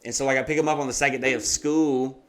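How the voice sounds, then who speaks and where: A man's voice: mid-range voice, quick pace. A man in his thirties, hosting a podcast, telling a story casually with lots of swearing and acted-out quotes. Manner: profane, animated retelling with put-on quotes. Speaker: podcast host.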